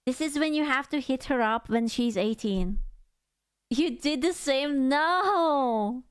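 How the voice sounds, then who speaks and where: A woman's voice: sits high, a little slow. A woman streamer giving casual, playful, teasing reaction commentary full of slang. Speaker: VTuber streamer reacting to videos.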